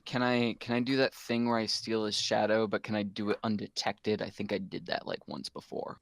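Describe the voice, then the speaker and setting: A man playing a tabletop game, speaking casually and muttering quiet asides. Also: on the low side, level tone, brisk, dry recording. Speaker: player.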